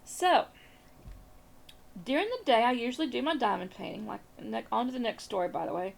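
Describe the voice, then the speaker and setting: A woman's voice: a little high, lively intonation, a little fast, vocal fry. A Southern American woman chatting casually as a crafting vlogger, rambling through a story and repeating phrases.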